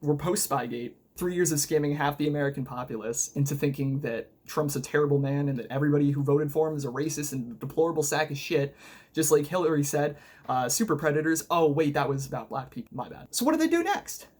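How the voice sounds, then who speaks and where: A man's voice: on the high side, steady tone, fast, darkish tone. A man narrating a sarcastic political video essay, combative and mocking, full of rhetorical questions. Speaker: political commentary video host.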